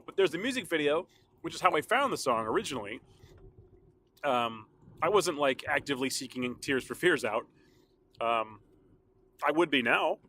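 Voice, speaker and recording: A man chats solo on the podcast he hosts, casual and rambling, laughing frequently with a slightly sore throat. His voice is mid-range with a sharp tone.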